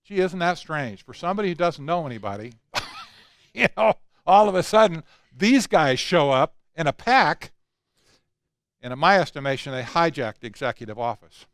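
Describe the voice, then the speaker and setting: A man's voice: on the high side, very animated, normal speed, fairly bright tone, no echo, studio quality. An older man speaking at a conference, emphatic and conversational, with asides. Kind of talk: lecture talk.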